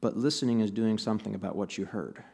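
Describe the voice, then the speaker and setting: A man's voice: on the low side, quick pace, creaky, a little mellow, slightly rough. A man preaching a sermon in a conversational, storytelling way, with bits of humor, to a church audience. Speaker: pastor.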